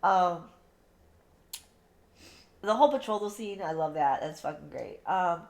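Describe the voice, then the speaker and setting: A woman's voice: on the low side, unhurried, creaky. Blunt, profane woman podcaster. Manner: blunt and profane, animated retelling. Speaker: podcast co-host. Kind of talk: casual book review chat.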